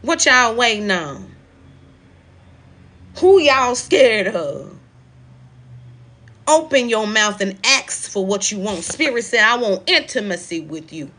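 A woman's voice: on the high side, very animated, slow, pauses often, sharp tone. A woman hosting a live spiritual card reading, talking emphatically and repeating her points like a preacher. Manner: emphatic, repetitive, preachy with African American Vernacular phrasing. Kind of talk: live stream tarot-style reading.

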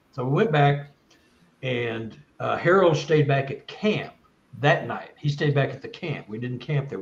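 A man's voice: medium pitch, vocal fry, roomy sound, muffled recording. A man, a guest speaker, telling a long first-person story in an earnest, rambling way with many restarts.

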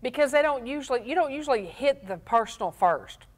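A woman's voice: high-pitched, animated, a little fast. A woman co-hosting a talk on marriage as a pastor, explaining earnestly with everyday examples. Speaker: pastor and show co-host. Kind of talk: casual teaching talk on marriage.

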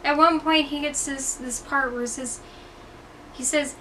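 A young woman vlogging indoors, telling stories to camera in a rambling, profane, self-mocking way. Her voice sits a little high and comes from a slight distance from the mic. A faint hiss runs underneath. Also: moderate pace, pushed and bright. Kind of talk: casual storytelling to camera. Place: indoor room, hot.

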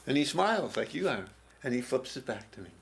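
An older man being interviewed in a TV studio, slowly telling a personal story with pauses and restarts. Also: mid-range voice, sing-song, gravelly. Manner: slow, halting, with pauses and restarts. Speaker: interview guest, former prison teacher. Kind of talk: reflective storytelling.

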